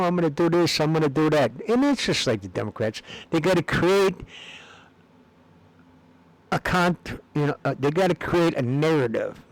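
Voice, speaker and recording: A man's voice: medium pitch, low-quality recording. A man talking in a rambling, casual monologue, meandering and repeating words with many fillers. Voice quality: gravelly. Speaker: video blogger.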